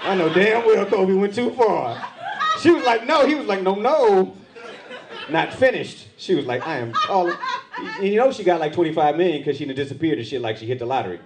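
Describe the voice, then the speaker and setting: On a comedy club stage, a man with a high voice talks fast and animatedly, acting out quoted voices in his stand-up. The live club recording is noisy, with loud crowd laughter.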